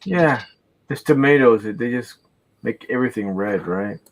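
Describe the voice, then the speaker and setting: A man's voice: medium pitch, unhurried. A man chatting on a live stream, teasing and playful. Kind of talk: casual live-stream chat.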